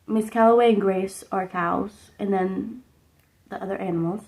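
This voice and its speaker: A woman's voice: medium pitch, steady tone, moderate pace, vocal fry, darkish tone, rough recording. A young woman vlogger recapping a movie in a casual, rambling way, with lots of "like" fillers, talking at home. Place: indoors at home under a sunset lamp.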